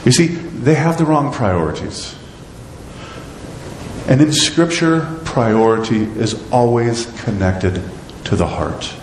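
Male pastor, mid pitch, very expressive delivery, rhetorical questions to the congregation, reverberant sanctuary with faint room noise. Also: takes it slowly. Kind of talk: sermon. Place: church sanctuary. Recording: echoey church hall with long reverb.

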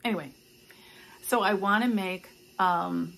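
An older woman talks through her stitching plans in a loose, rambling home chat. Her voice carries a gravelly fry, and she fills pauses with ums and asides. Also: mid-range voice, fairly bright tone, slight background noise. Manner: chatty, rambling, with many fillers. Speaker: stitching vlogger. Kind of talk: casual chat. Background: household noises, clock and ice maker.

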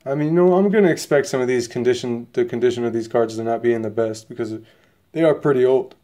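A man hosting his own casual unboxing vlog, talking excitably and rambling straight to his viewers while sniffly from a coming cold. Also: mid-range voice, quick pace. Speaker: channel host opening trading cards.

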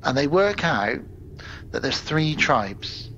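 A man co-hosting a podcast, casually retelling a film's plot with animated asides and quick acted-out quotes. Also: fairly high pitch, lo-fi sound, a little hiss or hum. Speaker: podcast co-host. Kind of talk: casual chat.

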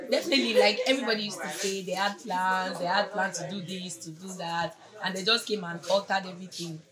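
A young woman with a Nigerian accent giving an earnest, rambling farewell tribute at a fellowship gathering, laughing between phrases. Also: mid-range voice. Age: young adult. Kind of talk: heartfelt tribute speech. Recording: noisy crowd around speaker.

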